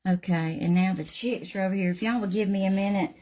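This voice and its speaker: A woman's voice: mid-range voice, fast talker, dark tone. A middle-aged woman with a Southern US accent, hosting a live craft tutorial and chatting in a folksy way with viewers while she paints. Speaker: craft channel host.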